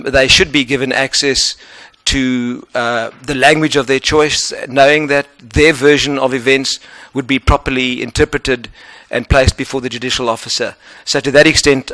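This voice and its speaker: A man with a South African accent answering questions as an advocate in a formal interview, earnest and measured. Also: medium pitch, fairly bright tone, no echo.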